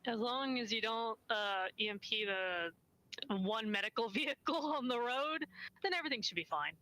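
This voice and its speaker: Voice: medium pitch, expressive, normal speed, pushed and bright, rough recording. A speaker in a casual gaming chat with friends, making dry, joking remarks.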